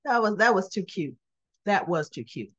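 A woman in her sixties giving a chatty, casual recap of a soap episode, talking through the scenes in an animated way. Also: moderate pace, husky, no echo. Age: 60s. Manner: chatty, acting out the characters' lines with lively pitch jumps. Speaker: soap opera recap vlogger. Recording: slightly dull, lo-fi audio.

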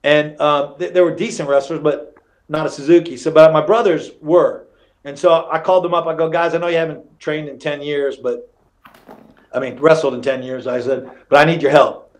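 A middle-aged man with a slightly high voice tells fight stories as a podcast guest. He talks in an animated way, laughs through his anecdotes and often restarts his sentences, keeping it loose and casual. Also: moderate pace. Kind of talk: casual storytelling interview.

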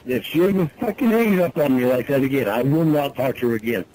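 A man in an archived phone recording, arguing heatedly, yelling and swearing constantly. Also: medium pitch, expressive, quick pace, poor audio.

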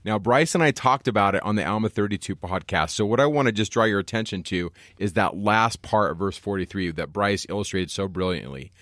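A man co-hosting a scripture podcast, explaining verses in a casual teaching tone and slowing down to read passages aloud. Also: lowish voice, fairly bright tone, no room sound, studio quality.

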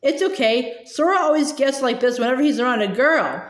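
A woman voicing a good-natured cartoon dog with a folksy, gentle manner while reading a storybook aloud. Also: sits high, expressive, a little fast, roomy sound. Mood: kindly.

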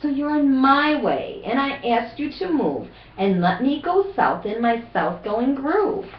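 A woman voicing a snappish, stubborn south-going male Zax creature with quick, high retorts. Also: sing-song, far from the mic. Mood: defiant. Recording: roomy, dull home recording.

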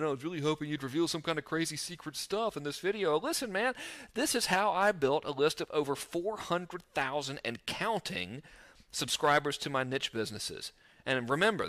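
A man giving a casual, joking marketing lesson to camera, self-mocking and animated, recorded overlooking the ocean. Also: mid-range voice. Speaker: internet marketing teacher.

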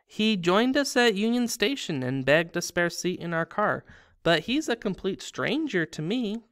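A man's voice: sits high, very animated, measured pace, a bit bright, clear, resonant tone, no echo, studio quality, pitched above the performer's own voice, full character voice. A man putting on a prim refined lady. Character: genteel lady traveler, composed and refined.

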